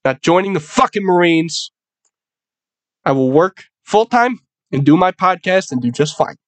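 A young man hosting his podcast, spinning a rambling story full of swearing and easy laughter. His voice sits a little high for a man, and it sounds dry and close, with no room echo. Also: lively intonation, a little slow. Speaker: podcast host. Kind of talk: casual storytelling monologue.

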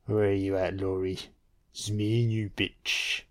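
A man's voice: lowish voice, flat delivery, measured pace, pitched below the performer's own voice, close to an everyday voice. A man putting on Michael Myers, a crude taunting killer. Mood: low menace. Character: masked male slasher killer, taunting and crude.

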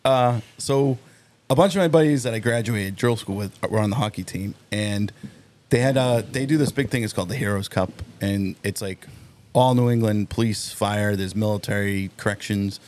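A firefighter and army veteran in his forties tells a story on a podcast in a lowish voice at normal speed. He's an animated storyteller, acting out the quoted dialogue as the casual chat unfolds.

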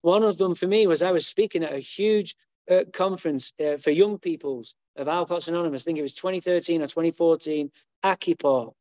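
A man's voice: on the high side, a little fast, no echo. A middle-aged man giving a humorous, profane recovery talk as main speaker at a meeting. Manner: profane, humorous, lively storyteller. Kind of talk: storytelling recovery share. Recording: dull lo-fi dry sound.

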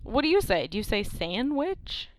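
A woman's voice: medium pitch, lively intonation, moderate pace, a little hiss or hum. A woman co-hosting a podcast, chatting casually and teasing her co-host, with sudden exclamations of disbelief. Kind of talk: casual chat.

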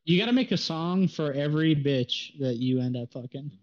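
A man's voice: fairly high pitch, moderate pace, darkish tone, muffled recording. A young man on a podcast in casual chat, chiming in with dry teasing remarks. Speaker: podcast co-host.

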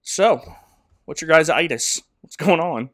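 A stern old professor speaks in a casual, mock-stern manner, as a man puts him on. His pitch moves around a lot and sits a bit high for a man. The sound is dry and close. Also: expressive, unhurried, a bit bright, dry recording.

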